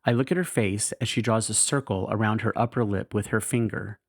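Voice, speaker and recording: A man's voice: lowish voice, fairly even intonation, a little fast, few pauses, no room sound. Frank, wry man with a dry voice. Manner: frank and wry, swears casually, laughs at himself. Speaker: podcast host, caregiver. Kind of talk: reading diary entries aloud, candid storytelling.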